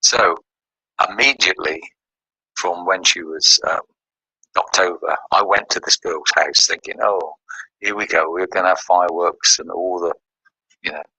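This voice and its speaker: A man's voice: deep voice, normal speed, pauses often, pushed and bright, slightly rough, no echo, rough recording. A man from the United Kingdom telling a personal religious testimony, recounting events with quoted dialogue.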